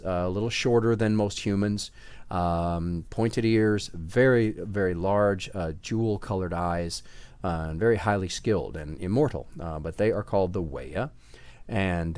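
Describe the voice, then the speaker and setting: Relaxed, chatty man with a lowish voice. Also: no room sound. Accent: Southern US. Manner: relaxed, chatty, many fillers like uh and um. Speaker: author vlogging about his books. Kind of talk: casual vlog talk.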